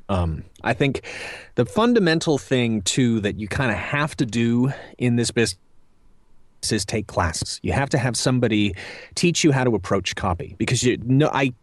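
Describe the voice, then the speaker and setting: A man's voice: mid-range voice, dry recording, studio quality. A man in his thirties, a voice actor answering interview questions in a rambling, self-deprecating way with many fillers. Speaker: voice actor guest. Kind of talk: casual interview chat.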